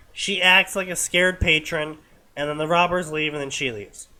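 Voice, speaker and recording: An exasperated young man giving casual commentary on a fanfiction reading, with a bright, forward tone and an incredulous edge. He talks in quick, rambling rants. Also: fairly high pitch, steady tone. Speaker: co-host reading fanfiction aloud.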